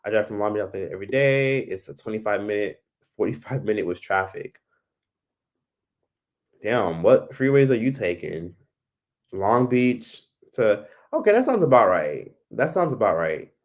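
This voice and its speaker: A man hosting a relaxed livestream, answering viewer comments one after another. His voice sits on the low side but jumps up in excited bursts. He talks in a loose, expressive way and swears casually. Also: measured pace. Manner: chatty, animated, swearing freely. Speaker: livestream host.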